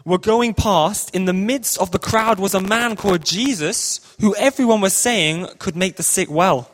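A man's voice: sits high, normal speed, a bit bright. A man telling a comic story and leading a group in a playful, upbeat, ad-libbing way.

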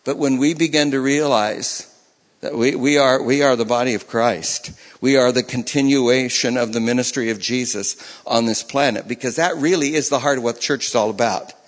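A man delivers a sermon in a loose, conversational way, circling back and restarting his phrases as he builds a point. His voice sits at an ordinary middle pitch. The sound carries the long reverb of a large hall. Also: moderate pace. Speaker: pastor.

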